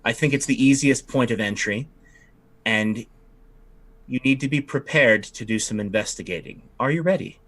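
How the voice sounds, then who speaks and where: A man's voice: mid-range voice, normal speed, fairly bright tone, lightly acted. A man voicing a sly, imperious witch woman who curses when crossed, in a tabletop game. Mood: measured. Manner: tart, cursing when crossed.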